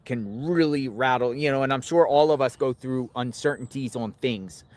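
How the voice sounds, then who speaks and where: A man's voice: medium pitch, normal speed. A man hosting a casual interview, sympathetic and prompting with short questions. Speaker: host. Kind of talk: casual talk show interview.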